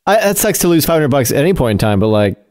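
Man with a wildly animated voice. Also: mid-range voice, racing. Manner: reactive, sympathetic interjections. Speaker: podcast co-host. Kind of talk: casual podcast chat.

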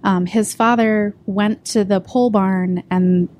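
A woman reporter on a podcast, recounting the details of a case in a measured way, with frequent ums. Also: mid-range voice, fairly even intonation, a little mellow. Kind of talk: podcast discussion.

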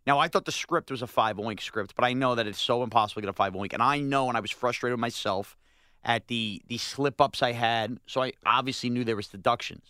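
A man's voice: mid-range voice, brisk, pushed and bright, clean tone, no echo, clean studio sound. A man co-hosting a sports radio show, complaining with indignant, rising outbursts. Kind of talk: animated sports radio banter.

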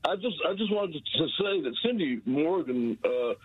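A man's voice: on the high side, expressive, normal speed, breathy edge. A man calling into a radio show, talking hesitantly with many fillers over a phone line. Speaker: caller. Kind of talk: phone-in chat.

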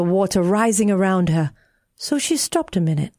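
A woman radio presenter narrating a children's story in a slow, gentle, expressive reading. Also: medium pitch, dry recording, clean studio sound.

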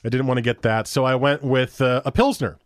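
A man in a casual podcast chat, rambling through stories and slipping into the voices of people he quotes. His voice sits at an ordinary pitch. The sound is close and dry, with no room around it. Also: steady tone, a little fast, dry recording. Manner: rambling, storytelling, acts out quoted dialogue. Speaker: podcast co-host. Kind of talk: casual chat about beer.

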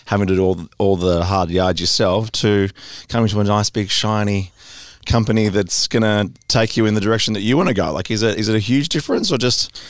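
A man interviewing a musician in a friendly way, tripping over his words as he asks. His voice sits a bit low, and the sound is dry and close-miked. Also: no echo. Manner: friendly, halting questions. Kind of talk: casual interview.

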